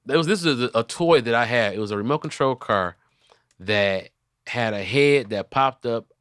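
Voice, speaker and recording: A young man hosting a comedy podcast, telling animated stories and cussing freely in casual chat. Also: medium pitch, normal speed, clean tone, no room sound, studio quality. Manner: animated storytelling, swears freely. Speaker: podcast host.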